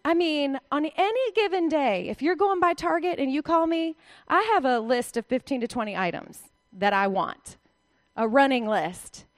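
A woman's voice: sits high, animated, normal speed, no room sound. A woman teaching a conversational sermon to women, with chatty, direct asides to her listeners. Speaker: Bible teacher speaking to women.

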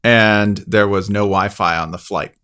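A man hosting a podcast, telling an anecdote in a lively way and acting out what others said. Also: on the low side, a little slow, clean tone. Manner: lively anecdote teller, acts out quotes. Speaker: podcast host. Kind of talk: casual chat.

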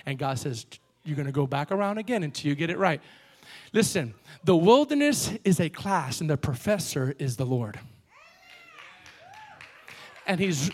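A middle-aged man, a pastor, preaching a sermon in an animated way, swinging from loud peaks to low asides. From Cuban background.

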